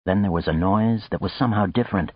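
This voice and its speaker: A man reading a novel aloud as an audiobook narrator, with steady, deliberate storytelling. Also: sits low, husky, no echo, lo-fi sound.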